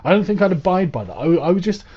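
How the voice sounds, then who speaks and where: A man's voice: high-pitched, sing-song, quick pace, slightly rough. A man giving profane, sarcastic reaction commentary on clips, mocking as he goes. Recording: dull lo-fi audio.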